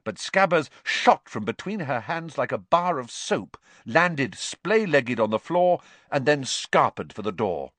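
A man narrating a storybook in a very animated, expressive voice. His pitch sits in the middle, and the recording is close and completely dry. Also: unhurried, few pauses, no room sound. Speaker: audiobook narrator. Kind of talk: scripted narration.

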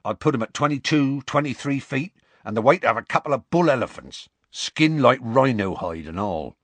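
A man voicing Hagrid, a big gruff half-giant who tells the story in rough, homely speech. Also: medium pitch, expressive, fairly bright tone, dry recording, pitched above the performer's own voice. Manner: rough colloquial grammar, slow homely storytelling.

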